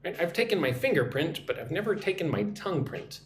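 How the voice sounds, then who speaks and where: A man from the United States teaching an English lesson on a livestream, drilling pronunciation slowly and asking "right?" again and again. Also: a little high, big pitch swings. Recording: echoey room, faint background noise.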